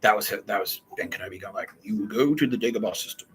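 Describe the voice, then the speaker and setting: A man's voice: fairly low pitch, fast, a bit bright, slight background noise, rough recording. An Australian man hosting a podcast, telling a rambling comic story full of swearing and laughter. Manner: profane, laughing, digressive storytelling. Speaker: podcast host.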